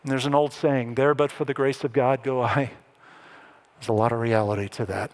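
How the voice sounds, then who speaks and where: A man preaching a sermon as pastor, animated and lifting his voice when he acts out what others said. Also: medium pitch, brisk. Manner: animated preaching, voice rising to act out quoted speech.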